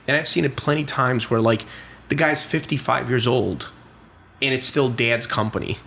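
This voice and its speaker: A man's voice: medium pitch, normal speed, creaky, sharp tone, slight background noise. A man in his forties, a guest on a podcast, telling stories in a rambling, casual way with many fillers and restarts. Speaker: guest, real estate investor. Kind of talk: casual interview storytelling.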